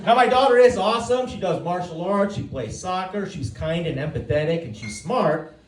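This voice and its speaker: On a comedy stage, a man in his forties delivers a dry stand-up set of family stories, voicing the other characters' quotes himself. He speaks at a moderate pace in an animated, high voice, and the distant, roomy recording catches the crowd laughing.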